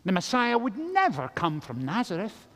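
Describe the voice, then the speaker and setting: A man preaching a sermon as pastor, telling the story in a lively way and acting out the characters' lines. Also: high-pitched, moderate pace. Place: large church. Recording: long church reverb.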